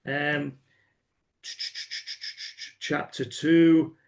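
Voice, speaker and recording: A man's voice: a little high, level tone, extremely slow, gravelly. A man giving an informal lesson on chanting a scripture reading, chatty with many ums and uhs, now and then breaking into song-like chant. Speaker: teacher.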